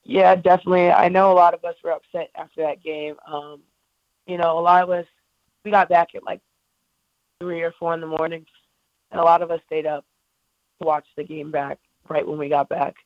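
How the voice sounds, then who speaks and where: A woman's voice: lowish voice, flat delivery, fairly quick, long pauses, dry recording, dull audio. A young woman, a college basketball player, being interviewed on the radio in a hesitant way with fillers. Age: young adult.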